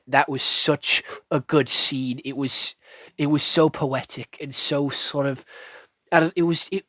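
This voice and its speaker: A man's voice: mid-range voice, fairly even intonation, a little slow, sharp tone, no room sound, clean studio sound. A man giving a casual, rambling anime review, gushing and swearing freely with lots of restarts. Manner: gushing, profane, rambling with many likes and restarts.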